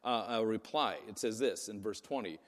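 A man's voice: on the low side, normal speed, long reverb tail. A man preaching a sermon in a casual, conversational way, often asking "right?" to his listeners. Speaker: pastor.

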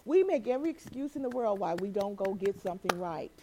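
A woman preaching a sermon, animated and laughing as she acts out quoted voices. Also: mid-range voice, quick pace, background noise.

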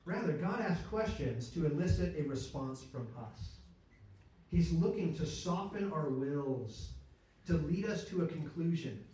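A man's voice: a little high, animated, a little slow, dark tone. A man teaching from a Bible passage in a conversational way, asking rhetorical questions and correcting himself as he goes. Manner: asks rhetorical questions, checks in with listeners; restarts and self-corrects mid-sentence. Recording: very echoey room, speaker far from mic.

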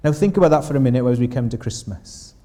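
Guy preaching, dark mellow voice, long echo off the church walls. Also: mid-range voice, lively intonation, quick pace. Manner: earnest, asks the congregation questions. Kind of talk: sermon.

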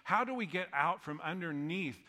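A man's voice: a little high, expressive, normal speed, pushed and bright. Guy preaching a sermon, chatty and jokey, laughs at his own bits, big echoey church hall. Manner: conversational, joking, laughs at his own lines. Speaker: pastor. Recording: long hall reverb.

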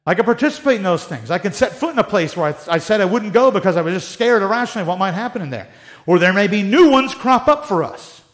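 High-voiced man preaching a casual sermon. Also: lively intonation, quick pace. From United States. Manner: conversational preaching with sarcastic asides. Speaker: pastor.

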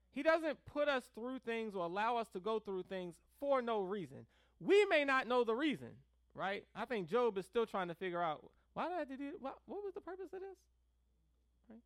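With a mid-range voice and no room sound, a pastor preaches in a conversational manner. Animated and punchy on key words, the pastor keeps asking the congregation "right?" to check in.

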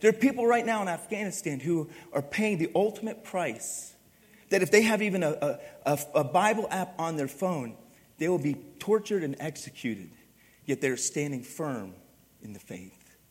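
A man preaching a sermon as pastor, animated, swinging from loud emphatic bursts to quiet, hushed passages. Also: a little high, moderate pace, husky, big-room sound.

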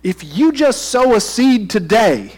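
A man voicing a pushy Southern American prosperity preacher who booms out promises of blessings in return for giving. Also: very animated, unhurried, darkish tone, slightly rough, full character voice. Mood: preachy. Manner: booming, pleading for money.

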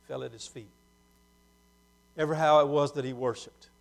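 A man preaching a sermon, moving between hushed, slow passages and loud, emphatic ones. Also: a little high, fairly even intonation, gravelly.

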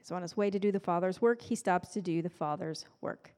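A woman preacher gives a casual, conversational sermon with playful, self-deprecating asides. Her voice is lowish, brisk, and warm, with long hall reverb on the recording.

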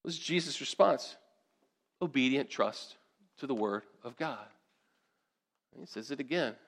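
Speaking at an unhurried pace in a mid-range voice, this male pastor preaches animatedly and conversationally. He often turns to the congregation with questions.

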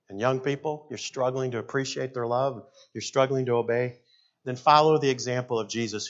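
A middle-aged man, a pastor preaching a sermon in an animated, jokey way. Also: medium pitch, lo-fi sound. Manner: animated, jokey, shouts in acted quotes.

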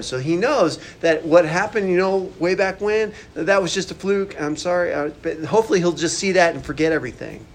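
A man's voice: sits high, a little fast, hardly any pauses, a little hiss or hum. A man preaching a sermon as a pastor, casual and conversational with slangy asides.

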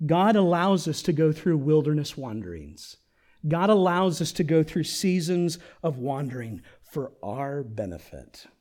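Male pastor, somewhat high, very lively delivery; animated sermon with hushed drops and questions to the congregation. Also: a little slow. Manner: animated preaching, swinging from loud peaks to near-whispers.

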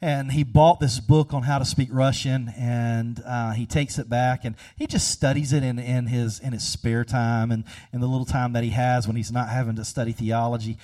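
A man preaching a sermon, telling a story and swinging between hushed, slow passages and loud, emphatic ones. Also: medium pitch, steady tone, far from the mic. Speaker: pastor.

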